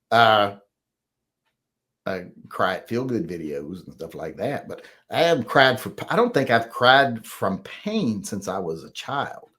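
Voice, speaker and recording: Blunt, ranting man. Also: medium pitch. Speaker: livestream host reading chat. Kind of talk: casual livestream chat.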